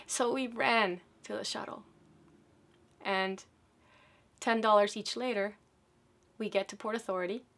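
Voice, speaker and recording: A woman from South America recounts a personal story before an audience. She speaks at a medium pitch and keeps the telling vivid. She slips into acted quotes as she goes. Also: a bit bright.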